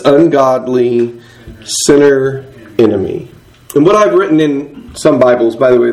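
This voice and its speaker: A man's voice: on the high side, a little mellow, low-quality recording. A middle-aged man preaching an earnest, conversational sermon, reading and explaining Bible verses.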